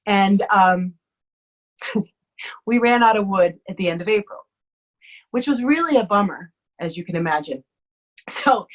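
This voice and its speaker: A woman from Vermont telling a personal story in a chatty, animated way, laughing often. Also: mid-range voice, lo-fi sound.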